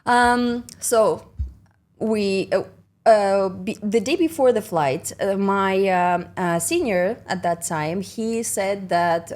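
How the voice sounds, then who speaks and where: A woman's voice: mid-range voice, slow pace. A young adult woman, a flight attendant, telling stories casually in an interview and acting out the dialogue with animation. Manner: animated, acts out dialogue in quotes.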